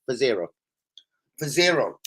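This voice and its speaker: A man, ranting angrily and profanely on a live football fan stream, swinging between loud outbursts and low mutters. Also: sing-song, measured pace, slightly rough.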